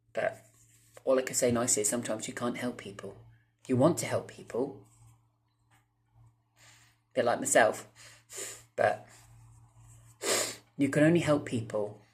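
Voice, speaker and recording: A man, telling a rambling storytime to his viewers, swearing freely and breaking off into asides. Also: lowish voice. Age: 30s. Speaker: vlogger. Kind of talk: casual storytime monologue.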